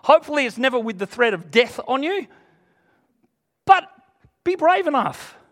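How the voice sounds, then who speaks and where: A man's voice: very high-pitched, big pitch swings, normal speed, fairly bright tone. A man preaching a sermon to a congregation, earnest and emphatic, retelling scripture in everyday speech.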